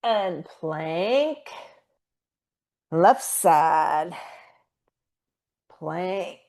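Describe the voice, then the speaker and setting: Guiding a pilates class, this female instructor demonstrates the exercises alongside her students, calling cues and counting reps with slight breathlessness. She sounds animated, fairly low-pitched and darkish, stretching her words out.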